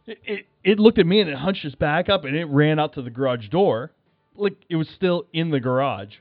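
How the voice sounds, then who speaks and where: A rambling, animated man tells his story in casual chat. His voice sits a bit high. It comes through a tinny phone line with a dry sound. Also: brisk, dry recording, soft background music. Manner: rambling, animated, acts out his own shouts while telling a story. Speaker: podcast guest.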